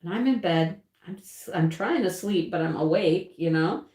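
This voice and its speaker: A woman's voice: on the low side, moderate pace. Chatty woman telling stories in a roomy space. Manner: rambling, animated storytelling with frequent laughs. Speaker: livestream host. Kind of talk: casual chat while crafting. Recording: roomy echo.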